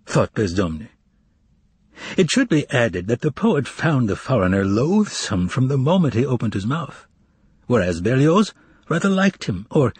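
A man narrating a novel as an audiobook in an expressive, varied delivery. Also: lowish voice, breathy edge, no echo. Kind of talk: scripted narration.

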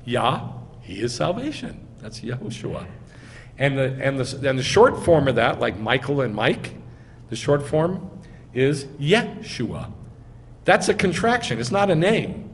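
A man, a rabbi, giving a teaching sermon, explaining step by step and quizzing his listeners. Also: fairly high pitch. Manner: explains step by step, asks the audience questions. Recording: echoey hall, faint noise.

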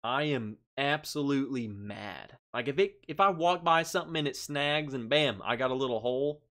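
A man's voice: mid-range voice, animated, moderate pace, a bit bright. A man hosting a casual livestream, reading out chat comments, laughing often and sounding stressed. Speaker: livestream host. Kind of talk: casual live-stream chat.

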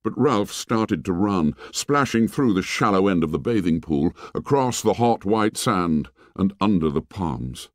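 Deep-voiced male audiobook narrator, expressive. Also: unhurried, hardly any pauses, no room sound, clean studio sound. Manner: dramatic, dropping low and soft on grim lines. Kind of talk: expressive novel reading.

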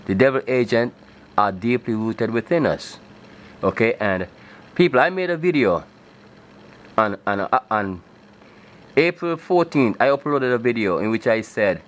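A man speaking to his viewers in an emphatic, insistent preaching monologue. He often checks in with "okay?" and at times rises into scripture-like declamation. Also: mid-range voice. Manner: breaks into rising, scripture-like declamation. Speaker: video blogger.

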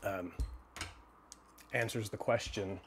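A man hosting a livestream, reading a children's storybook aloud and then chatting with viewers in a relaxed, halting way. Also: on the low side, faint music behind. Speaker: storyteller host.

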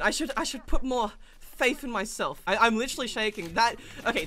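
A woman giving excited, chatty commentary on her own gameplay, with sudden yelps and laughs as the action turns. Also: a little high. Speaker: gaming streamer.

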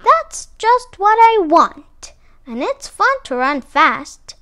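A woman voicing an eager, excitable male armadillo in a storybook reading. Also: high-pitched, measured pace. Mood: overjoyed.

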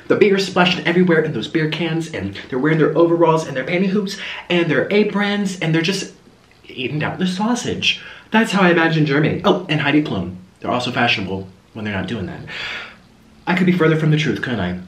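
A man's voice: a little high, animated, quick pace. Young guy mukbang host, rambly and chatty, really bouncy voice. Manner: rambling, chatty, talking between bites. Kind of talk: casual chat while eating on camera. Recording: roomy echo.

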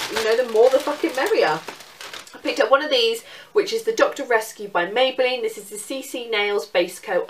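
A woman's voice: mid-range voice, a bit bright, distant mic, a little hiss or hum. Chatty teen girl, swears freely. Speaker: beauty vlogger. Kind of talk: casual haul chat.

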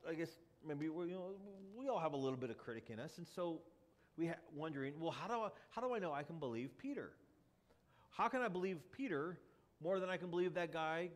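A male pastor delivers a sermon with a fairly high, lively voice that swings widely in pitch. He talks to the congregation in a casual, emphatic way, stacking rhetorical questions and restarting phrases as he pushes his point.

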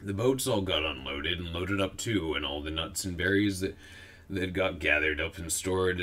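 A man's voice: low-pitched, bright, forceful tone. A man voicing a grumbling old female squirrel who rambles in folksy dialect.

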